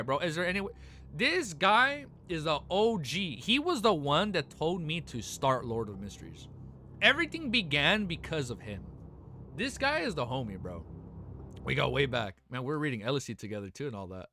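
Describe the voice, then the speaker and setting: A young man streaming live who chats casually with viewers. He is excitable, peppers his talk with "bro" and "man", and turns earnest and consoling when things get serious. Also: on the high side, a little fast, faint music behind. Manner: excitable, talks to chat with constant "bro" and "man". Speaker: livestreamer.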